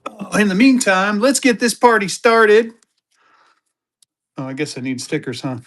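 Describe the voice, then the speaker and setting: A man's voice: high-pitched, big pitch swings, measured pace, fairly bright tone. A man hosting a live-stream currency auction, greeting viewers by name and urging them to bid. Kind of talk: live-stream selling chat.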